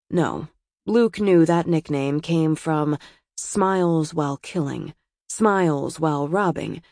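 Low-voiced woman narrating a story. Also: a little mellow, dry recording, studio quality. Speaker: audiobook narrator. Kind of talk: scripted narration.

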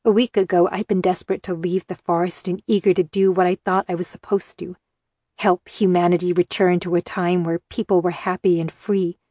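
A woman narrating a first-person novel in a measured, earnest way. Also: on the low side, little pitch movement, mellow, no room sound, studio quality. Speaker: audiobook narrator.

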